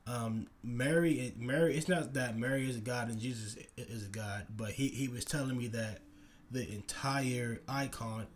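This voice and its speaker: A man's voice: mid-range voice, slight background noise. A young man casually telling a personal story to camera, rambling with many fillers, restarts and tag questions. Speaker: vlogger.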